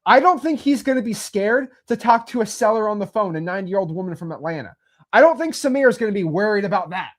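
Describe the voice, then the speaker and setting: A man's voice: high-pitched, expressive, fast. A man hosting a talk, speaking bluntly and pushily and repeating himself. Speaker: host. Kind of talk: motivational talk.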